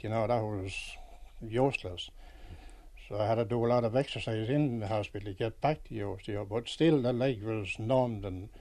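Irish man, interviewee, plain mid-pitched voice, rambling, homely. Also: mellow. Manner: rambling, homely, many restarts and "you know"s. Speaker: pilgrim interviewee. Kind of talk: recalled story in an interview.

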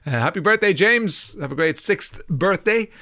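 A man's voice: sits high, animated, normal speed, pushed and bright, dry recording, clean studio sound. A man with an Irish accent hosting a radio show, chatting casually and reading out listener messages with frequent "uh"s. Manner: chatty, laughs easily, with frequent filler "uh"s. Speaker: radio host. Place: radio studio. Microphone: studio microphone.

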